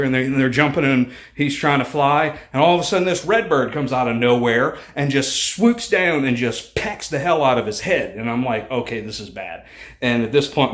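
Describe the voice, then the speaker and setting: Rambling man telling a family story. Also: medium pitch. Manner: rambling, animated storyteller with many fillers. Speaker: family vlogger. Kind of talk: casual storytelling vlog.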